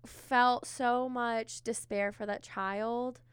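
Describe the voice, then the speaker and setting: A woman's voice: fairly high pitch, fairly even intonation, drawn-out words, smooth, dry recording. A woman therapist co-hosting a podcast, chatting casually and filling her talk with "like" and "you know.". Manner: conversational, many filler words.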